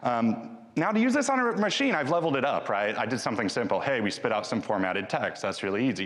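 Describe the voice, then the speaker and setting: A man's voice: medium pitch, very animated, fast, few pauses, fairly bright tone. A man giving a live conference talk with a demo, chatty and joking, often restarting his sentences. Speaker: conference speaker. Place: large conference hall. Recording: long hall reverb.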